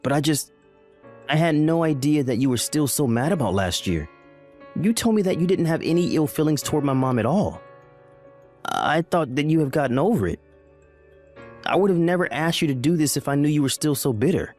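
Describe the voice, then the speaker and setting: A man's voice: on the high side, lively intonation, fairly quick, darkish tone, faint music behind, lightly acted. A man voicing a confused, alarmed husband. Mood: bewildered. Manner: questioning, alarmed. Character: bewildered husband, pleading and confused. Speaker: husband in a text-message story.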